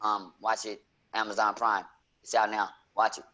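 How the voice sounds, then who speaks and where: A man hosting a casual nerd-culture podcast, talking animatedly and leaping into excited high notes. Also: moderate pace. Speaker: podcast host.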